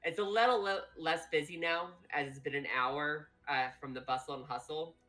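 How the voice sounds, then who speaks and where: A woman's voice: low voice, normal speed, a bit bright. A woman narrating a tabletop game as game master, loose and rambling. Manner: loose and rambling, many fillers.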